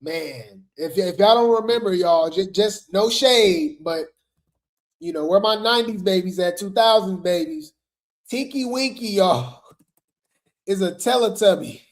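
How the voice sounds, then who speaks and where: A woman's voice: mid-range voice, a little slow. A woman hosting a casual gossip commentary show, chatty and slangy, laughing often as she talks.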